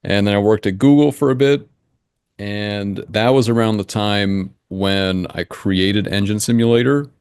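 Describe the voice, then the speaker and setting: A young man who created an engine simulation answers interview questions in a relaxed, steady, matter-of-fact way, with a lowish, clear, resonant voice. He speaks a little slowly and thinks aloud, building his points step by step. The recording is dry and close, with almost no room sound and no echo.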